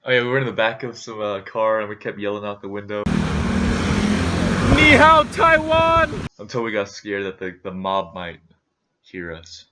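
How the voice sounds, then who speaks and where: A man's voice: fairly low pitch, fairly even intonation, brisk, very noisy. A man co-hosting a casual travel recap, chiming in with jokes. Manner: joking, chiming in on his partner's lines. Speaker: co-host recapping a trip.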